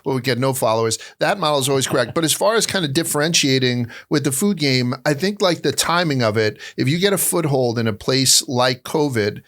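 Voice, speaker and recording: A New man hosting a podcast, blunt and profane, with a voice of middling pitch. He keeps the talk loose and throws in loud impressions. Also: lively intonation, brisk, few pauses. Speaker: podcast host. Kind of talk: casual interview chat.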